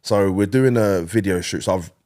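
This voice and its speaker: Lowish-voiced man telling stories. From London, England. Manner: animated storyteller, quick asides and slangy phrasing. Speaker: guest. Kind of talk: casual interview chat.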